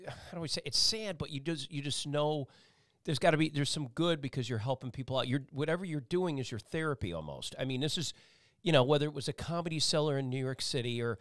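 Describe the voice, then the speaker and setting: A man's voice: fairly high pitch, fast, fairly bright tone, no echo, studio quality. A man hosting a casual talk-show interview, rambling and emphatic, with many restarts. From Italian-American family. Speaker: talk show host and meteorologist.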